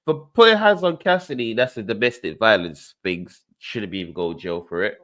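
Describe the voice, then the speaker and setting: Animated man hosting a livestream. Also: a little fast, hardly any pauses. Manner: animated, repeats himself, swings in pitch. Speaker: host. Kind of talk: casual livestream commentary.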